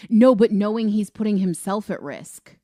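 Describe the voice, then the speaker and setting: A woman co-hosting a film review podcast in a chatty, animated way. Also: mid-range voice, normal speed, no echo, clean studio sound. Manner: chatty, animated, laughs easily. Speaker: podcast co-host. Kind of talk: casual film review chat.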